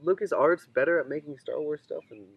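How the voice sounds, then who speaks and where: A man co-hosting a casual chat, relaxed and rambling with lots of fillers. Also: on the high side, fairly quick, breathy edge, muffled recording.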